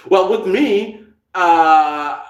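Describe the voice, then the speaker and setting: In a reverberant space, a man with a high voice speaks extremely slowly while hosting a live podcast. He's South African with a slight American edge to his accent, chatting casually, laughing a lot and reading out comments from viewers.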